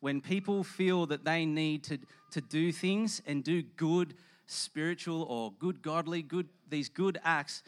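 A man's voice: a little high, unhurried. Chatty, joking male preacher. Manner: chatty, joking, addresses the audience. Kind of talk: casual sermon. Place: hall with audience.

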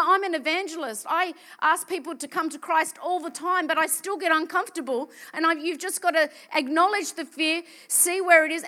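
A woman evangelist giving an animated, emphatic sermon testimony. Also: extremely high pitch.

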